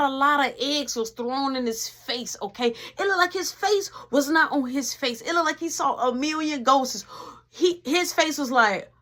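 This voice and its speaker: A woman telling a dramatic story in a casual, animated storytime manner. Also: sits high. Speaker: vlogger.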